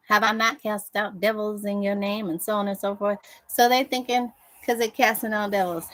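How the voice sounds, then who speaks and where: A woman's voice: medium pitch, a bit bright, poor audio. A woman preacher giving a devotional sermon in a fervent, conversational way, repeating phrases for emphasis.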